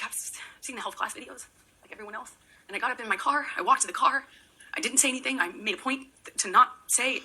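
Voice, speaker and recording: A woman testifying in a courtroom, her voice very bright with a breathy, husky edge and sitting a little high. She speaks quietly and emotionally, halting, repeating words and restarting sentences, at times sinking to a whisper. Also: poor audio. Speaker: witness giving testimony.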